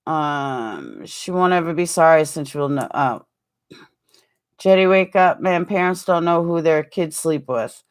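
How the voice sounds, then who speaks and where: A middle-aged woman hosting a casual live-stream chat, rambling and animated, answering viewers with frequent ums and quick asides. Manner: animated, jumps higher when acting out quotes.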